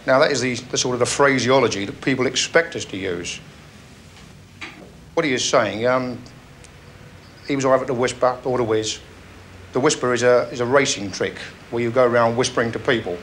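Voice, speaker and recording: A man's voice: mid-range voice, brisk, long pauses, a bit bright, poor audio. A Cockney man who served as a police officer, with a mid-range voice, explaining slang patiently and acting out short exchanges. Faint background noise sits under his speech. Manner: explanatory storyteller, acts out dialogue. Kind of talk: interview anecdote.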